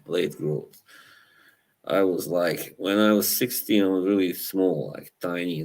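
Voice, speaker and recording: A young man with an Eastern European accent, hosting a casual live chat, relaxed and halting, laughing often. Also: deep voice, vocal fry. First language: Slavic language. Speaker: livestream host.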